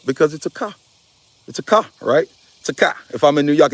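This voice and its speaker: A man's voice: mid-range voice, fast talker, no room sound. A man giving an impassioned spiritual talk, emphatic and preachy, with casual slang and swearing, often calling his listeners y'all. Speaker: spiritual speaker.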